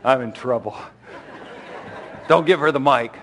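A man's voice: mid-range voice, a little slow, fairly bright tone, slight background noise. A middle-aged man preaching a sermon as pastor, in a loose conversational way with frequent restarts and asides.

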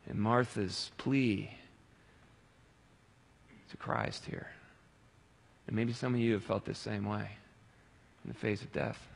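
A man preaching a sermon, swinging between loud pleading cries and quiet, reflective reading. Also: medium pitch, creaky, slightly rough, big-room sound. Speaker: pastor.

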